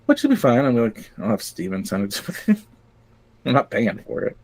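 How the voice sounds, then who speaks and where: A man's voice: mid-range voice, huge pitch swings, moderate pace, a little mellow. A man chatting casually on a podcast, rambling with lots of fillers, cracking crude jokes and laughing often. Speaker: podcast co-host. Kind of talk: casual chat.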